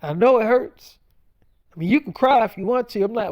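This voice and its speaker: A man's voice: high-pitched, lively intonation, fairly quick, darkish tone. A man delivering a blunt, profane freestyle monologue, preaching in loose, repetitive bursts. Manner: preachy, blunt, swears heavily, rambling repetitions. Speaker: self-styled prophet vlogger.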